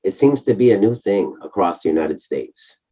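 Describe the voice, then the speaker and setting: A hoarse middle-aged man co-hosting a casual chat, halting often with fillers. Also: low voice, lively intonation, warm tone. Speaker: co-host. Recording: muffled lo-fi audio.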